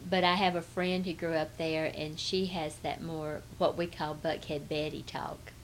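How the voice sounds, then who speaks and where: A woman's voice: deep voice, little pitch movement, normal speed, a little hiss or hum. A woman from Atlanta with a Southern accent, answering interview questions in a rambling, hesitant way. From Atlanta, Georgia. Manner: rambling, hesitant, many restarts. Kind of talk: casual oral-history interview.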